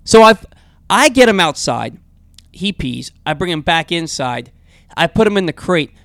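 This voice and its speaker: A male talk radio host telling a long, animated story in a rambling, casual way with frequent restarts. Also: fairly high pitch, moderate pace, creaky, no room sound.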